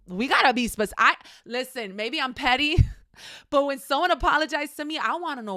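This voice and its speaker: A woman's voice: sits high, lively intonation, brisk, sharp tone, no echo, studio quality. A woman teaching a faith-based class in a frank, conversational way, speaking straight to her listeners. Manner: acts out quoted voices.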